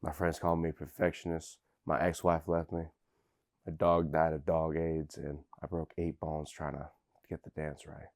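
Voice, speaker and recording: A man playing a dim, washed-up crunk rapper who rambles through an interview, filling every pause with fillers. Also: very deep voice, flat delivery, darkish tone. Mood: boastful.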